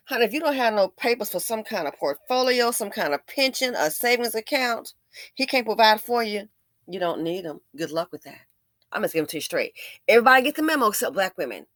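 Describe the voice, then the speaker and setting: Fired-up woman with a bright, lively voice. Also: medium pitch, a little fast, no room sound. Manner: blunt, preachy, frequent restarts and stammers when heated. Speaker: commentary channel host. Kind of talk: impassioned commentary monologue.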